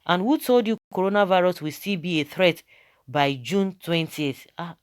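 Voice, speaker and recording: A man's voice: sits high, normal speed, clear, resonant tone. Emphatic Nigerian man commenting. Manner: switches between Pidgin and English, emphatic. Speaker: online commentator. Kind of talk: commentary reading viewer comments.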